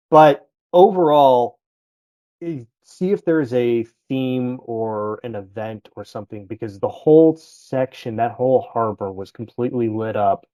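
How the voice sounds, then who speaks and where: Guy rambling on a podcast, warm low-key voice, kinda dull sound. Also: a little slow, no echo. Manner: chatty, rambling, self-correcting. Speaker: podcast guest. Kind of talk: casual travel chat.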